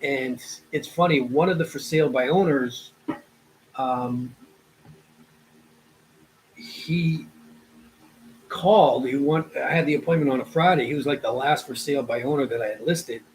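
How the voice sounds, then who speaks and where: A man's voice: medium pitch, unhurried, long pauses, slight background noise, rough recording. A real estate agent, a man, telling a personal work story in a loose, casual way with many repeats and restarts.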